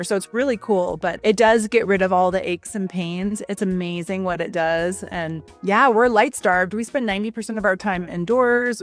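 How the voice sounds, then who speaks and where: A woman in her forties, a guest in a casual interview, talking in a chatty, enthusiastic way with lots of fillers. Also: medium pitch. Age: 40s. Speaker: guest, red light studio owner.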